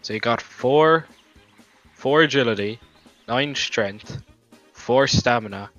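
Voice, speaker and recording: A man's voice: medium pitch, slow, fairly bright tone. A young man arguing in a gaming voice chat, swearing, rambling and defending his logic. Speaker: gamer in voice chat. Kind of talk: heated voice chat argument. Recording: lo-fi voice chat mic with faint music.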